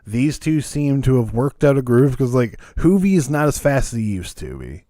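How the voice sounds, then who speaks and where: A man co-hosting a casual wrestling podcast, talking slowly and loosely, audibly stoned and rambling. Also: mid-range voice, big pitch swings, dark tone, dry recording, studio quality. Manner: slow, stoned, meandering. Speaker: podcast co-host.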